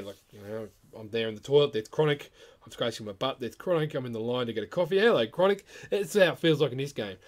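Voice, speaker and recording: A man with a slightly high voice commentates over his own gameplay. He is animated and exasperated, and his voice leaps upward when he gets worked up.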